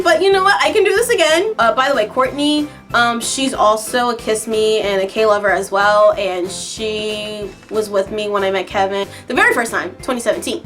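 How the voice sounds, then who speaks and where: A young woman vlogger telling a story to camera in a casual, excitable way, breaking into high squeals as she retells it. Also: moderate pace, hardly any pauses, faint music behind.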